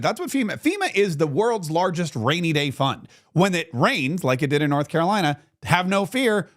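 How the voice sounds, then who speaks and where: A male talk show host delivering a sarcastic political commentary monologue, acting out little scenes as he goes. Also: on the high side.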